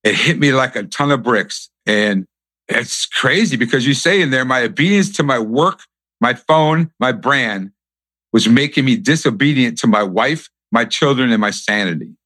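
A man's voice: medium pitch, expressive, moderate pace, pushed and bright, no room sound. A male interview host speaking earnestly and reflectively.

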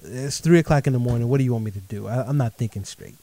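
A middle-aged man telling a true story in a lively monologue, speaking directly to his listeners. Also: mid-range voice, fast, no echo. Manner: animated, addresses audience directly as folks.

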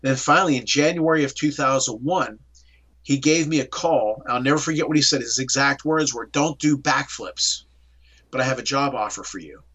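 A middle-aged man from the Pittsburgh area, speaking as an interview guest, tells his story with animation and acts out the dialogue. His voice is husky and medium in pitch, moving at a moderate pace.

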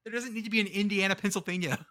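A man's voice: sits high, fairly even intonation, rapid-fire, pushed and bright. A man co-hosting a casual sports podcast, joking around playfully with frequent restarts. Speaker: podcast co-host.

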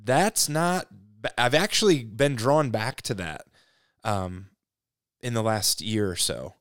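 A man's voice: fairly low pitch, animated, slow pace, fairly bright tone, no room sound, clean studio sound. A man co-hosting a casual faith discussion podcast, earnest and reflective, thinking aloud as he talks. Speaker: podcast co-host.

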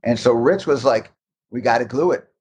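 A man's ordinary middle-pitched voice, at a moderate pace with a faint hum in the background, carries casual interview storytelling about game development. He wanders through animated behind-the-scenes anecdotes, often restarting sentences.

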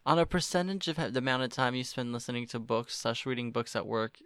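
A woman's voice: a bass voice, quick pace, clean tone, no room sound, clean studio sound. A woman in her twenties from Oklahoma, co-hosting a podcast in rambling, self-mocking casual chat. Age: 20s. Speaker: podcast co-host.

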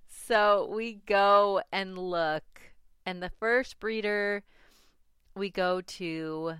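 Slow, clear-voiced woman telling a story. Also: mid-range voice, dry recording, clean studio sound. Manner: chatty, laughs often, animated when recalling panic. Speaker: mother telling a family story. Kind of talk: casual personal storytelling.

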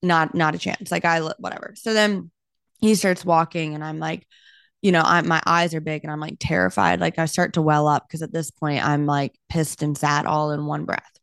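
Low, smooth-voiced young woman telling a story. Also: normal speed, dry recording, clean studio sound. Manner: animated, talks with her hands, heavy use of "like". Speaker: realtor and podcast host. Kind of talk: casual storytelling.

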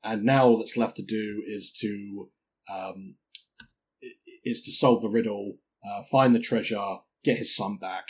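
A man co-hosting a casual film podcast, relaxed and wry. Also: fairly low pitch, a little slow, slightly rough. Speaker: podcast co-host.

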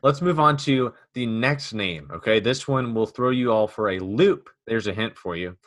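A podcast host chats casually, joking and rambling with many restarts. His mid-range voice is expressive and fairly bright at a moderate pace, in a dry, clean studio recording.

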